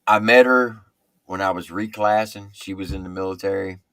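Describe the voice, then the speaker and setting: A middle-aged man and military veteran telling war stories in casual, profane, animated talk. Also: deep voice, normal speed, no echo. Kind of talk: casual storytelling.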